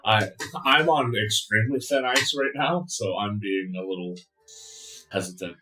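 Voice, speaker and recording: A man's voice: on the low side, moderate pace, reverberant, over music, poor audio. A man playing a tabletop game, chatting and joking casually. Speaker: player.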